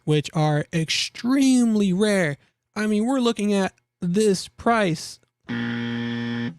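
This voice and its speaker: A young man's voice sits high and a little mellow, recorded at studio quality without echo. Hosting casual gear market commentary, he's chatty and jokey, tends to repeat himself, and laughs at his own jokes.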